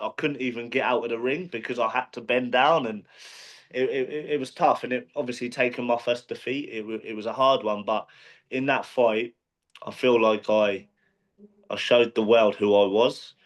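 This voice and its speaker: A man in a casual interview, speaking at an ordinary mid pitch. He rambles through his story with fillers and restarts. His tone is plain and conversational. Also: fairly even intonation, moderate pace. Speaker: professional boxer, interview guest.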